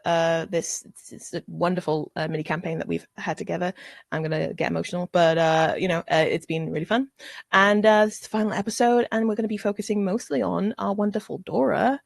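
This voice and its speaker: A woman's voice: lowish voice, gravelly, no echo, studio quality. A woman hosting a tabletop game stream as game master, chatty and giggly. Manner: chatty and giggly, with frequent fillers.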